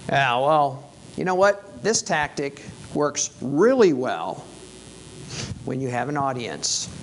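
Give me a man preaching a sermon, wry and emphatic, with a gravelly, slightly worn voice. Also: mid-range voice, big pitch swings, slow, slight background noise, rough recording. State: losing his voice.

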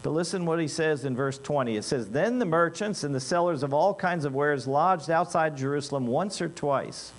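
A man delivering a sermon with a somewhat high-pitched voice, shifting between low, wry asides and loud, emphatic bursts. A faint mains hum sits under the recording. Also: expressive, moderate pace, few pauses. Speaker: preacher.

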